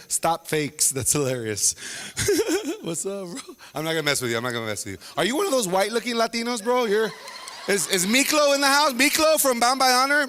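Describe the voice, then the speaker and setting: A man hosting a live stand-up show, teasing the audience and dropping into quick voices of the people he talks about. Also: high-pitched, sing-song, sharp tone. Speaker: stand-up comedian and host. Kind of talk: stand-up crowd work.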